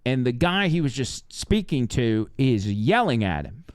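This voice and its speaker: Male storyteller, smooth resonant voice, dry close mic, animated, podcast. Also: mid-range voice, measured pace, no room sound. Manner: animated, acts out the characters. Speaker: storyteller, rideshare driver.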